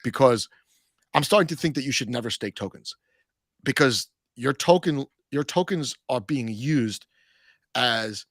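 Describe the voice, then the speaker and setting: A man's voice: mid-range voice, animated, measured pace, no echo, clean studio sound. A man hosting a casual talk show, speaking bluntly and rambling with frequent restarts. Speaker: podcast host. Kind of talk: casual crypto chat.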